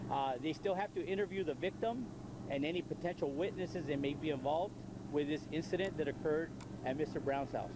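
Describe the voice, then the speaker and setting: A man briefing reporters as a police spokesman, speaking fast in a slightly high voice, guarded and stumbling over repeated words. Loud street noise rolls behind him outdoors. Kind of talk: press briefing.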